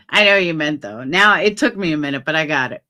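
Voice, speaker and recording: Reading her viewers' comments aloud, a livestream host gives blunt replies full of swearing. Her casual stream swings rapidly between quiet muttering and loud outbursts.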